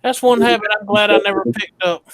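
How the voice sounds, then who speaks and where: A woman's voice: mid-range voice, steady tone, brisk, dry recording. A woman chatting casually on a late-night livestream, plain-spoken with short, drowsy replies. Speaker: co-host of a livestream. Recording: faint background noise.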